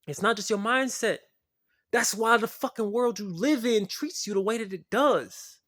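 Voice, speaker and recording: A spiritual video creator delivering an impassioned, profane rant to the camera. The delivery swings from low muttering to shouting. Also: normal speed.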